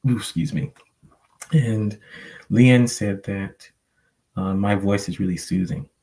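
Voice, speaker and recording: A man's voice: lowish voice, takes it slowly, warm tone, poor audio. A man telling a personal story on a live panel, reflective and rambling with many fillers. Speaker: panel guest. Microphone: online call microphone.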